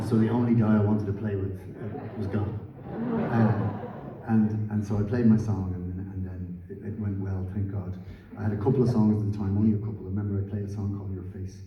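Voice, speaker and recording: A man telling a rambling, self-deprecating story on a theatre stage, halting with fillers. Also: lowish voice. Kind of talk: live on-stage anecdote. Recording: echoey hall from far off, dull audience recording. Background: audience noise.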